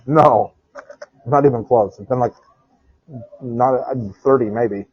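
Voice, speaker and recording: A man with a medium-pitched, husky voice speaks slowly as he co-hosts a podcast over the phone. Rambling and laughing often, he tells stories in casual chat while walking outdoors and then into a quiet bar, all captured in dull, lo-fi phone-call audio.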